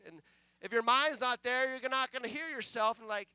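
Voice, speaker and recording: High bright-voiced male pastor preaching. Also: moderate pace, clean tone, no room sound. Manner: conversational preaching that swells into loud declaration; acts out mumbled prayers in a quiet aside voice. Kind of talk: sermon.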